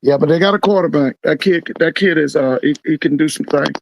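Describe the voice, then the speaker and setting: A man's voice: fairly high pitch, fairly quick, gravelly, slight background noise, low-quality recording. Laid-back man talking sports. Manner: laid-back, repetitive, playful. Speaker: podcast co-host. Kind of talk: casual sports chat.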